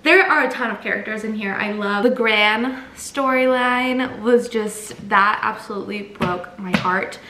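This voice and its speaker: A woman's voice: mid-range voice, unhurried, few pauses, sharp tone, a little hiss or hum. A young woman in her twenties chatting casually in a reading vlog, emotional and laughing often. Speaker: book vlogger.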